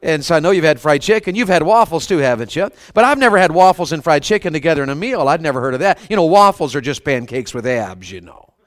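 Fast and sing-song, his voice pitched fairly high, a man delivers a revival sermon full of funny anecdotes told in a folksy, chatty style. Now and then he calls for amens from the congregation.

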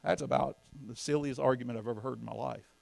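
Man, pastor, folksy emphatic sermon, gravelly, mains hum behind. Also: mid-range voice, steady tone, fast talker, no room sound. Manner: folksy, emphatic preaching with rhetorical questions to the congregation.

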